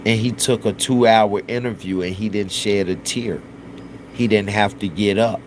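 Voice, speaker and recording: Slow-talking man. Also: on the low side, slight background noise, low-quality recording. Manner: slow, drawling, acts out quotes in raised voices. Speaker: livestream commentator. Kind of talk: casual live commentary.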